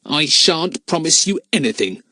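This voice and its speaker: Man voicing a plucky young boy, much higher than the narration, urgent and defiant, storybook hero. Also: animated, unhurried, pushed and bright, no echo, studio quality, exaggerated voice. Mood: frightened defiant. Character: brave young boy, frightened but defiant.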